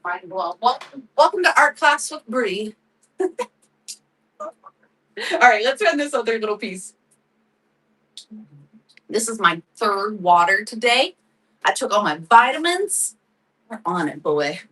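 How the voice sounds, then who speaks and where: A woman's voice: medium pitch, sing-song, takes it slowly, pauses often, bright, forceful tone, husky, recorded from a distance, poor audio. A woman hosting a live craft sale, chatting casually, laughing often and thanking viewers by name. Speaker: live-selling crafts host. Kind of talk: casual livestream chat.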